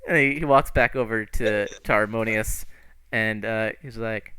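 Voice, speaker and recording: Bright-voiced man running a tabletop game. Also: lowish voice, unhurried, clear, resonant tone, dry recording. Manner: profane, animated storytelling. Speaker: game master.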